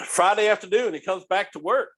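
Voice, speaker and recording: Animated, profane male storyteller. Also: high voice, moderate pace. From United States. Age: middle-aged. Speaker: podcast guest, restaurant owner. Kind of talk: casual storytelling.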